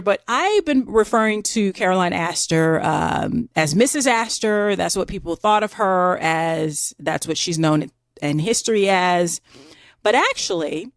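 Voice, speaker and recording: A woman co-hosting a podcast, telling a history story in an animated, chatty way. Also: medium pitch, no room sound, clean studio sound. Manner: chatty, animated, says "girl" and "like". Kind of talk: casual storytelling chat.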